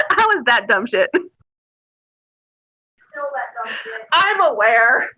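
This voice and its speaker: Animated, laughing woman telling stories. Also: fairly high pitch, takes it slowly, slightly rough, muffled recording. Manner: animated, laughing, crude humor. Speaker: guest. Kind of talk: casual interview storytelling.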